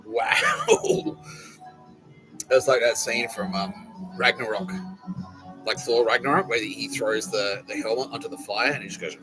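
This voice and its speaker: A man's voice: lowish voice, wildly swooping pitch, measured pace, low-quality recording. Profane man over music. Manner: profane, rambling, talking to unseen listeners. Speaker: podcast host. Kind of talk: casual monologue.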